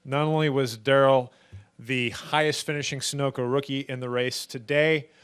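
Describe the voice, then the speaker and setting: A man moderating a press conference, introducing guests and posing questions in a steady, announcer-like way. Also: mid-range voice, clear, resonant tone. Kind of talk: formal announcing. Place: post-race press room.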